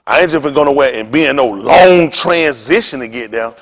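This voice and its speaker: A male pastor preaching a sermon in animated, informal street talk, throwing questions back to the congregation. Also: mid-range voice, moderate pace.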